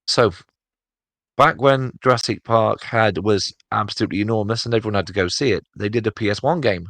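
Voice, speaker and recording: A man's voice: on the low side, brisk, fairly bright tone, no echo. A man co-hosting a casual podcast chat, rambling with many fillers and restarts. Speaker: podcast co-host.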